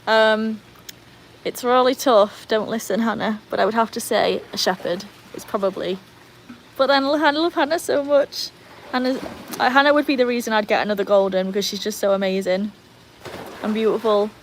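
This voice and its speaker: A woman's voice: a little high, moderate pace, slight background noise, poor audio. A British woman, hosting a casual livestream from home, chatting with viewers and her dogs. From Britain. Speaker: livestream host.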